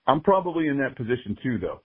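A man who works as a sports ring announcer appears as a podcast guest, reflecting candidly on his life in an earnest, openly emotional way. His medium-pitched voice is sing-song and quick with a breathy edge. The audio is narrow-band like a phone line, with no echo.

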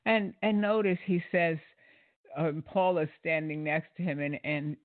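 A man's voice: a little high, measured pace, no echo. A man giving sarcastic, indignant commentary on a preacher's clip, with plenty of fillers and restarts. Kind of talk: critical commentary on a sermon clip. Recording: tinny, dry phone-like audio.

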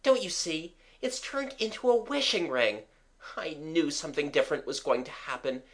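A reader voicing a bossy, quick-thinking schoolboy giving brisk orders. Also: medium pitch, lively intonation, a bit bright. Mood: urgent. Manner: brisk, commanding.

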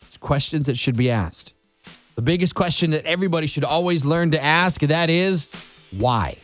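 A man's voice: on the high side, expressive, moderate pace, fairly bright tone, dry recording, faint music behind. A man hosting a conservative morning talk radio show from a windowless studio, delivering an opinionated, sarcastic monologue. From Florida. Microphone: studio microphone.

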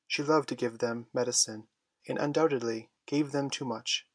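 A man narrating a storybook in a measured, expressive reading voice. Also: medium pitch, husky, no room sound. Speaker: audiobook reader.

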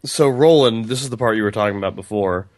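A man's voice: fairly low pitch, fast, no room sound, clean studio sound. A man co-hosting a casual podcast chat about a book, loose and profane, laughing often. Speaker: podcast co-host.

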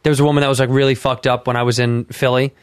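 A comedian hosting a podcast, talking loosely and profanely in casual chat. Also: male voice, mid-range voice, flat delivery, very fast, smooth, dry recording, studio quality.

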